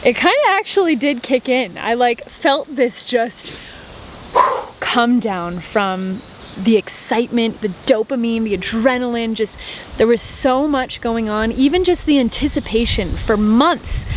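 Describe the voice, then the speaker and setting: Young female co-host, higher voice, chatty and easygoing, faint background noise. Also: lively intonation, measured pace. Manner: chatty and laughing easily. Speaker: co-host vlogger. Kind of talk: casual vlog chat.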